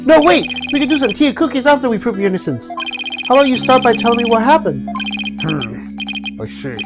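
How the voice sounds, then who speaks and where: A woman's voice: on the high side, expressive, racing. A woman streamer reading a game's dialogue as the lead character in an earnest manner. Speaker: game streamer. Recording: loud game music behind.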